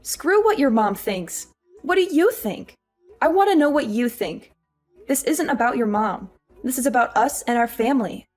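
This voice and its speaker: A woman playing a weary, high-voiced young wife. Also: expressive, normal speed, faint music behind. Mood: upset. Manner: weary, pleading. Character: exhausted young working wife. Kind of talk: audio drama acting.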